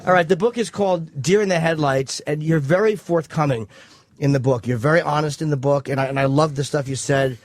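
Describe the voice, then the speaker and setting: A man's voice: fairly high pitch, dry recording, clean studio sound. A man hosting a radio interview, joking and probing with his questions. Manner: joking, probing, quick-talking. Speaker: radio host.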